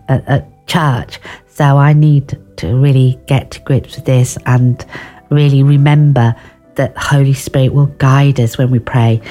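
A woman's voice: a bass voice, dark tone. A woman giving an informal devotional talk on prayer, earnest and personal, with restarts and asides. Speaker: devotional speaker.

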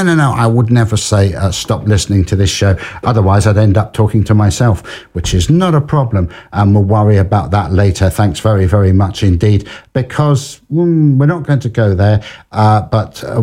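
A man's voice: lowish voice, dark tone. A man hosting a radio show, rambling in a dry, self-mocking way with many restarts and fillers. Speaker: radio presenter. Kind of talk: self-deprecating radio patter.

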